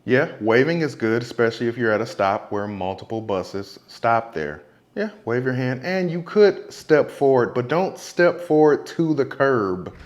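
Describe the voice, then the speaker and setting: A man's voice: mid-range voice, big pitch swings, measured pace. A man who works as a bus driver, talking through video clips in a casual commentary vlog and giving earnest, repetitive safety advice. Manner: earnest, advice-giving, repeats points for emphasis.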